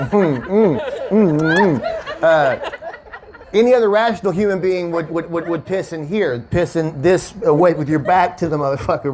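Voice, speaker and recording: Kentucky guy doing standup at a winery, high voice, swears a lot, cracks himself up, crowd laughing. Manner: loose, profane, laughs at his own lines. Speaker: stand-up comedian. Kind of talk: stand-up set with crowd work. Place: winery comedy show before a live audience. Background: audience laughter.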